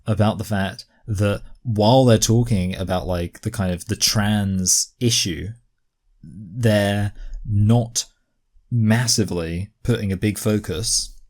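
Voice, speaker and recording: A man's voice: on the low side, fairly even intonation, takes it slowly, a little mellow. A young man giving casual reaction commentary, rambling with many fillers and getting exasperated.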